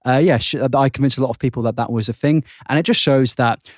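A man's voice: medium pitch, quick pace, dry recording, clean studio sound. A young British man hosting a podcast, chatting casually with lots of swearing and laughter. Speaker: podcast host. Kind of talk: casual chat.

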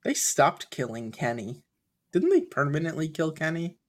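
A man's voice: a little high, very animated, normal speed. A man co-hosting a podcast in casual chat, making short, dry remarks. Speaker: podcast co-host.

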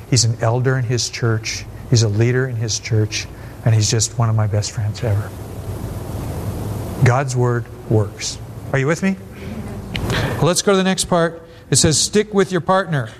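A man in his seventies, a pastor giving a blunt sermon full of personal stories, quick asides and rising emphasis. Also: mid-range voice, background noise.

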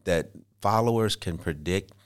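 Very deep-voiced man, measured guest. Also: clear, resonant tone. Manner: measured, lists points steadily. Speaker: guest, former fire chief. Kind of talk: interview answers.

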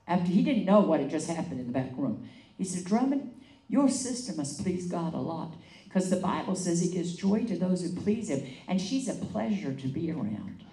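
A woman's voice: fairly low pitch, moderate pace. Woman preacher telling a funny story, echoey room, kinda far from the mic. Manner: animated, laughing storyteller acting out quotes. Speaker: evangelist. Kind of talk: sermon storytelling. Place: meeting hall.

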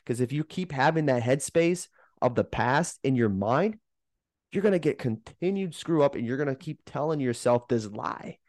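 A man's voice: mid-range voice, darkish tone, no room sound, clean studio sound. A man who is a fitness coach, hosting a podcast monologue and urging listeners in an emphatic, urgent pep-talk style.

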